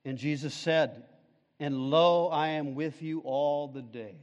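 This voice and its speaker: A man preaching with fervent, rising intensity that drops to hushed, measured asides. His voice sits a little high for a man. A long reverb trails each phrase through the hall. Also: dull audio. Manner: swings from loud fervent peaks to hushed low passages. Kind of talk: sermon.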